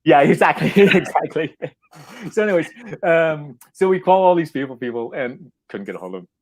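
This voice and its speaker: Middle-aged man telling a lively story. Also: fairly high pitch, normal speed. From Canada. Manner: animated, laughing, acting out quotes, many restarts. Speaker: guest playwright and actor. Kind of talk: casual anecdotal storytelling.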